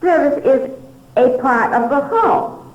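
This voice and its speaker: A woman's voice: high-pitched, expressive, a little slow. An older woman speaking at a recovery meeting, telling her story candidly with little chuckles and asides. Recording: dull roomy 1970s hall recording.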